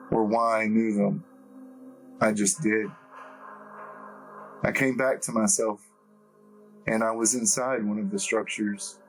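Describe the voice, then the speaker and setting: A man reading a first-person story as an audiobook narrator, in a measured, deliberate way. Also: on the low side, poor audio.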